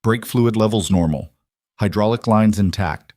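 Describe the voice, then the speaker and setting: A male narrator reads a dramatic story in a steady, even manner. His voice sits on the low side and is recorded dry and close, with no room sound. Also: normal speed, no echo.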